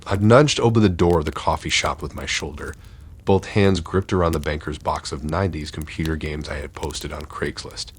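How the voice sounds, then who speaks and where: A man reading horror stories aloud in a steady, dark scripted narration. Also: a bass voice, moderate pace, slightly rough.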